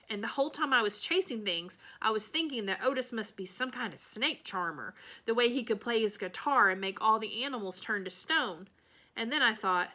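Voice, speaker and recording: Bright-voiced woman reading a children's novel. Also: fairly high pitch. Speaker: reader.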